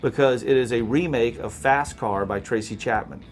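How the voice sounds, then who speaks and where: A man's voice: mid-range voice, moderate pace, soft background music. A man from Tennessee with a Southern accent, a radio host chatting casually in a folksy, storytelling way. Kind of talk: casual chat.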